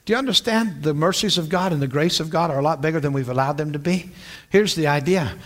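A man's voice: a little high, fast talker, a bit bright. A man from western Pennsylvania preaching, telling a personal story with repeated words and check-ins with listeners. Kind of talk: sermon storytelling.

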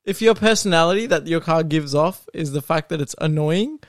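A man's voice: a little high, fairly quick, dry recording, studio quality. A young man co-hosting a casual car podcast, opinionated and laughing often, trailing off with ums. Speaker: podcast co-host. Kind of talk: casual chat.

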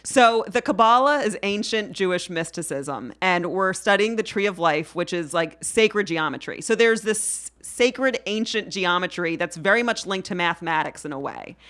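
A playful woman talks as a podcast guest, with a voice pitched lower than most women's. She chats loosely and keeps sliding into a mock-formal tone. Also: lively intonation, normal speed, hardly any pauses, fairly bright tone. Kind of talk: casual podcast chat. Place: podcast studio in Queens.

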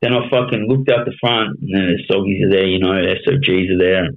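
A man's voice: sits low, steady tone, fairly quick. A man in his thirties with an Australian accent, telling his life story as a podcast guest in blunt, heavily sworn casual speech. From Melbourne, Australia. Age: 30s. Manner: blunt, heavy swearing, frequent "you know what I mean". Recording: tinny phone-like sound.

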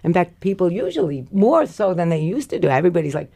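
Woman co-host, gravelly and warm, quick joker. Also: on the low side, very animated. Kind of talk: casual chat.

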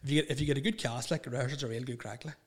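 A man telling a rambling, animated story in casual chat, laughing and swearing as he goes. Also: mid-range voice, very fast. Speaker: podcast guest telling stories.

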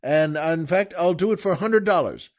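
A man's voice: on the high side, lively intonation, brisk. A man voicing a naive young woman looking for work, eager and chatty.

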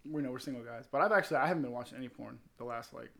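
A man telling crude stories in casual chat, animated and swearing a lot. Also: medium pitch, very fast, gravelly. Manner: crude, animated storytelling with acted quotes.

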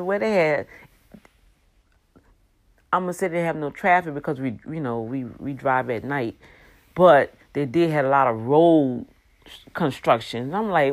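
Woman, fifties, low voice, animated and preachy faith vlog talk. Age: 50s. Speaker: faith vlogger. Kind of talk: casual faith talk to viewers.

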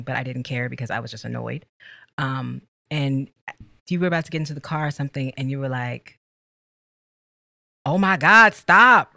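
A woman's voice: extremely low pitch, vocal fry, dry recording. A woman chatting casually with her partner on a podcast, teasing him playfully and laughing often. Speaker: podcast co-host. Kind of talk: casual couple chat. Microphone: studio mic.

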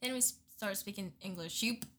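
A young woman chatting casually, an animated storyteller who acts out what people said. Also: medium pitch, fast. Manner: animated storyteller, acting out quotes. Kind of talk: casual chat.

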